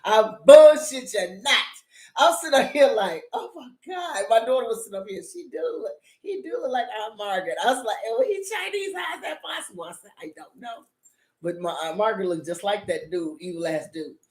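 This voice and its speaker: A woman's voice: medium pitch, animated, a little fast, a little mellow, reverberant. A middle-aged woman rants sassily and profanely about a drama, laughing as she goes. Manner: profane, sassy, laughing asides. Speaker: vlogger reviewing a drama. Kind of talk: animated casual rant.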